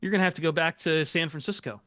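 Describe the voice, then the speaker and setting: A man hosts a casual sports podcast, tossing out quick jokes and asides. His voice is bright and forward, recorded close and dry with little room sound. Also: fairly high pitch, no room sound. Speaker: podcast host.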